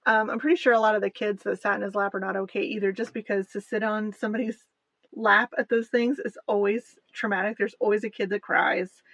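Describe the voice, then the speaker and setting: A woman co-hosts a podcast in loose, chatty talk, often breaking into giggles. Her voice is husky and slightly breathy. The recording is dry and close. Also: medium pitch, level tone, a little fast, a bit bright, dry recording. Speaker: podcast co-host. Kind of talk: casual chat.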